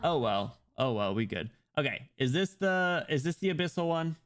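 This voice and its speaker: A man's voice: fairly high pitch, moderate pace, slight background noise. A young man chatting casually and joking while streaming a game. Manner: lively, joking, self-interrupting. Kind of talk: casual gameplay chat.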